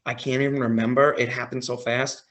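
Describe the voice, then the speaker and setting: A man on a podcast as a guest, telling a story in a casual, excited way, often quoting his own reactions. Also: medium pitch, fairly quick. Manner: excited, retelling with quoted reactions.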